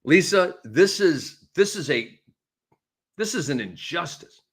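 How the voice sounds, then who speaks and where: A middle-aged man hosting a sports show, ranting excitedly in animated solo commentary. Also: a little high, breathy edge. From lives in the Tampa Bay area. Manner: excitable, ranting, quick shifts in volume.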